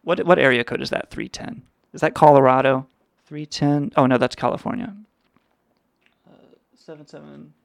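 Gravelly-voiced man ranting crudely. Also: mid-range voice, normal speed, pauses often, dry recording, clean studio sound. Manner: rambling, crude and sarcastic, frequent restarts. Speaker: podcast host. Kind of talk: casual profane livestream chat.

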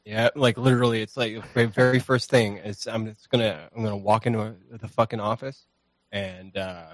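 Rambling, profane man with a low voice. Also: steady tone, moderate pace, dry recording. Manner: rambling, profane, self-deprecating. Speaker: podcast guest. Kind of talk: casual chat. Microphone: streaming mic at home.

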